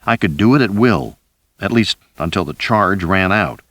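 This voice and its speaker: Deep voiced guy reading a thriller audiobook, slow and dramatic, lots of swing in his voice. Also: expressive, fairly bright tone, no room sound. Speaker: audiobook narrator. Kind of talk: first-person thriller audiobook narration.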